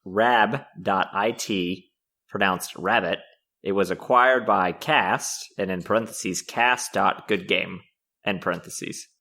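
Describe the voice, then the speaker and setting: Man, podcast co-host, low voice, bright edge, wry and laid-back. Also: slow. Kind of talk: casual group podcast chat.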